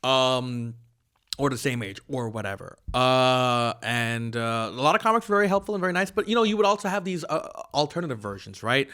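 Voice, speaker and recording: A man's voice: medium pitch, animated, brisk, pushed and bright, clear, resonant tone. A comedian guest in a casual podcast talk, wryly telling stories and acting out the people he quotes. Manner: wry storytelling, acting out quoted voices.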